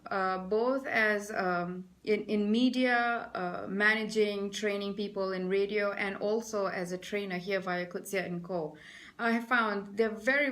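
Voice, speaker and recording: A middle-aged Malaysian-accented woman with a mid-range voice leads a lively webinar as a presentation skills trainer. She pauses now and then to greet viewers by name.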